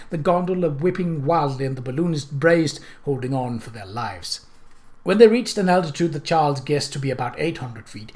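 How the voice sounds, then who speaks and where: A man narrating a mystery novel chapter as an audiobook reader, voicing the characters himself. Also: on the high side. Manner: steady storytelling, puts on voices for characters.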